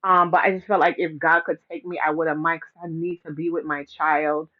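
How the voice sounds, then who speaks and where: A woman's voice: low voice, little pitch movement, brisk. Rambling woman vlogger, dull lo-fi audio. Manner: rambling, filler-heavy, many restarts. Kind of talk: casual direct-to-camera talk.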